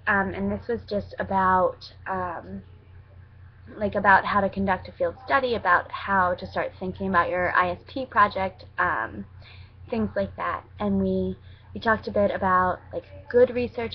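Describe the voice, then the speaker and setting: With a medium-pitched voice, this young adult from the United States rambles through stories on her vlog as a student abroad, full of fillers and self-corrections. The recording has its highs cut off and a little hiss or hum.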